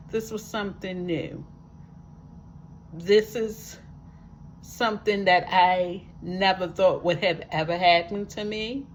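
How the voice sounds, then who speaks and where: A wheelchair-using vlogger with a disability tells her viewers about her life in a to-camera testimonial. She has a medium-pitched voice and talks emphatically, repeating words for effect and adding folksy asides, with a little hiss or hum audible.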